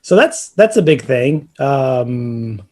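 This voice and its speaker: A man's voice: mid-range voice, big pitch swings, takes it slowly, a little mellow. A man co-hosting a casual home-repair podcast, explaining things at length with plenty of fillers and restarts. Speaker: podcast co-host. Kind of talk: casual chat about roofing.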